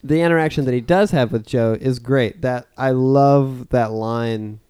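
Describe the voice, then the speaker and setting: Mellow smooth-voiced man discussing films. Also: medium pitch, unhurried, dry recording, studio quality. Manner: thoughtful, meandering, frequent restarts. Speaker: podcast panelist. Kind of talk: casual film discussion.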